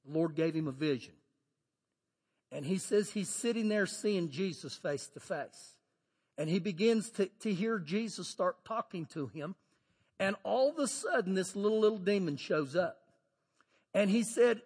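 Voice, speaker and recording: A pastor preaching a sermon, animated, moving between loud shouted lines and low quiet asides. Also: male voice, normal speed, breathy edge. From Texas. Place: church sanctuary. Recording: long hall reverb.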